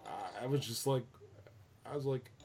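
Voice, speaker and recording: A man's voice: mid-range voice, normal speed, noisy background. A man hosting a casual chat, telling an anecdote with rambling restarts, fillers and swearing.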